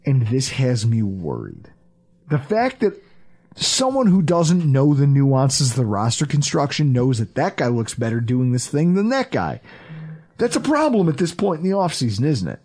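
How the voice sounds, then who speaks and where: A man hosting a sports podcast, chatting casually, animated and profane, acting out quotes as he goes. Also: mid-range voice, moderate pace. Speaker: podcast host.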